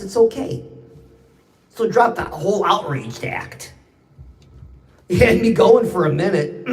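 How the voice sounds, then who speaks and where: A woman's voice: on the high side, reverberant, rough recording. A woman hosting a live stream, giving a brash, teasing motivational talk straight to her viewers and calling them out.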